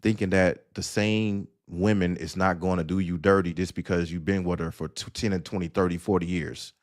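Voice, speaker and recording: A man's voice: deep voice, fairly even intonation, normal speed. A man hosting an audio-only live stream, ranting sarcastically and lecturing the listener bluntly. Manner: blunt, addresses listener directly. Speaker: host. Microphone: audio-only stream mic.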